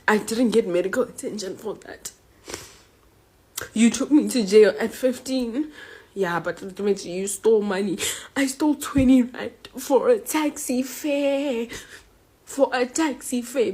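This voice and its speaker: A woman's voice: mid-range voice, darkish tone, husky. A young woman student from South Africa venting angrily online and confronting her mother directly. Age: young adult. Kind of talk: emotional social media rant.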